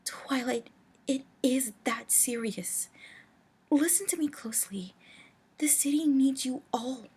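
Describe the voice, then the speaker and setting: A woman with a cold voicing an urgent, protective female alicorn pony princess in a storybook reading, her voice raspy. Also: high-pitched, slow, mellow, pitched above the performer's own voice, full character voice. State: sick with a cold.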